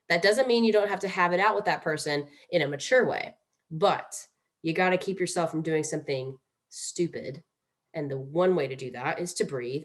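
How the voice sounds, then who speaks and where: Woman, lowish voice, playful mindfulness teacher, casual and chatty. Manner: chatty, playful, demonstrates breathing exercises aloud. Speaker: mindfulness instructor. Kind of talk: casual instructional talk.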